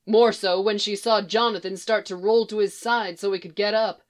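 A woman reading fiction aloud in a steady, expressive storytelling manner. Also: medium pitch, normal speed. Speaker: reader.

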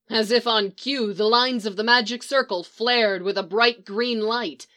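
A woman narrating a piece of fiction in a steady storytelling read. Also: on the high side. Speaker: reader.

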